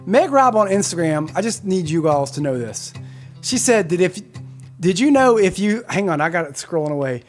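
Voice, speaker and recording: A man's voice: sits high, very animated, moderate pace, soft background music. A man in his forties, a musician hosting a live stream, chatting casually and rambling as he reads out viewer comments. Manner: chatty, rambling, self-correcting.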